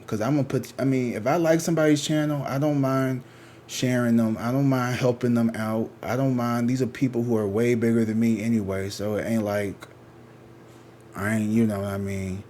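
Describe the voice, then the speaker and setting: A man's voice: mid-range voice, steady tone, moderate pace, dark tone, a little hiss or hum. A man who reads tarot, chatting casually and rambling to his viewers, slangy and swearing freely. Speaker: tarot reader.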